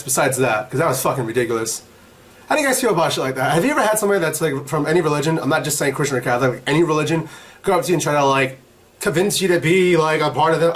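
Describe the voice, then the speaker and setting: Young male vlog host, slightly high voice, rambling profane storyteller. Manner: profane, rambling, animated retelling. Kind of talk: casual storytelling.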